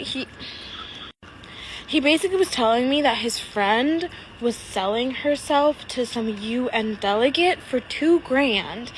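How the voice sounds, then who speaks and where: A young woman telling a story about a bad date, animated and swearing, with lots of "like" fillers. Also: high voice, slight background noise, rough recording. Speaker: social media storyteller. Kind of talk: storytime monologue. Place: outside her home.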